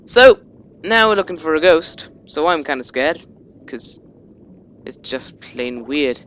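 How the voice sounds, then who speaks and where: A man's voice: a little high, expressive, takes it slowly, a bit bright, slight background noise. A young man giving casual commentary on a video game, rambling, joking and swearing freely. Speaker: let's play commentator.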